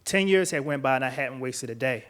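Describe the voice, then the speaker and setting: A man, earnest and measured, telling his own story on stage to an audience. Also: medium pitch, lively intonation. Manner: earnest, measured, quiet at emotional moments. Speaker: author and speaker. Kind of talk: personal storytelling talk, then interview answers. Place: event stage before a live audience.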